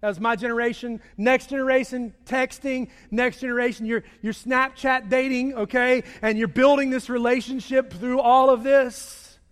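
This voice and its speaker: A man preaching a sermon, swinging between loud raised delivery and hushed low passages. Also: steady tone, normal speed, few pauses, smooth. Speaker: pastor. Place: church sanctuary. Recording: long reverb of a large hall.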